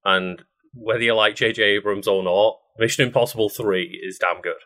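A man with a low, bright and forceful voice co-hosts a relaxed podcast. He reads out film facts as he goes, filling gaps with ums and pauses, and keeps the talk loose and conversational. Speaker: podcast co-host. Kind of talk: casual chat.

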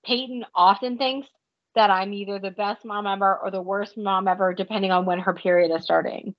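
A woman in her thirties hosting a casual chat, telling animated stories with swearing and frequent laughter. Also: medium pitch, a little fast, no room sound, muffled recording. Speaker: podcast host.

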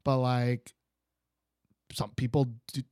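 A man's voice: medium pitch, level tone, slow pace, darkish tone, clean tone, no echo, studio quality. A young man from Texas with a Texan accent, hosting a podcast in loose casual chat, rambling with many restarts. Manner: rambling, many restarts and fillers, laughs at himself. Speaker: podcast host.

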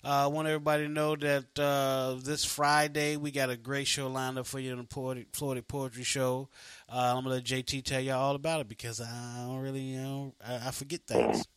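A man's voice: medium pitch, little pitch movement, fairly quick, fairly bright tone, clear, resonant tone, no echo. A man hosting a casual online radio show, laid-back and slangy, laughing easily. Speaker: host.

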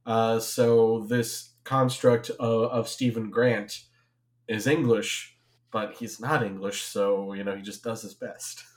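A man's voice: lowish voice, steady tone, takes it slowly. A man in his thirties on a podcast, talking in a rambling, hesitant way with many fillers. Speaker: podcast co-host. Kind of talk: casual podcast chat.

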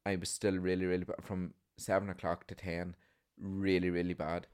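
Young man, very low voice, plain and unhurried, dry teasing. Laid-back podcast co-host. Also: completely flat delivery, a little mellow, clean tone. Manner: short agreeing replies, dry teasing. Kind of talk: casual chat.

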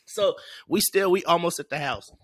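A man's voice: on the high side, normal speed, a bit bright. A man telling a funny story in a casual podcast chat, acting out quotes and laughing often. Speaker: podcast co-host.

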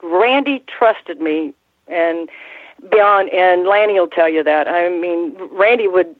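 An older woman, a former ring announcer, telling stories in an interview, halting with many restarts and fillers. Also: lowish voice, fairly even intonation, no room sound. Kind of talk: casual interview storytelling. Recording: tinny phone-line sound, dry.

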